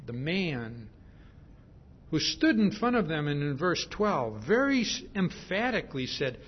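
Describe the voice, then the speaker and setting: A man preaching a sermon at an unhurried, deliberate pace, his voice sitting a little high for a man. He drives points home by repeating phrases and tagging them with "see?". The recording is dull and lo-fi. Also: big pitch swings, husky. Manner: emphatic, repeats phrases for stress.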